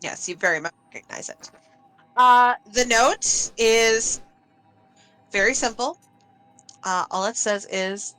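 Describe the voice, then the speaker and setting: A woman narrating as game master of a tabletop role-playing game, telling the scene softly and unhurriedly with small fillers. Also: on the high side, clean tone, faint music behind, poor audio. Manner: soft, unhurried storytelling with fillers.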